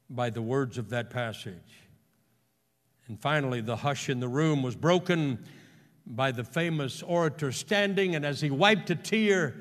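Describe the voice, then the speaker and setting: A man preaching in a reverberant church. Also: a little high. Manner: dynamic preaching, swinging from hushed storytelling to loud exclamations. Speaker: pastor. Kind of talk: sermon. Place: church sanctuary. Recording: long hall reverb in a church.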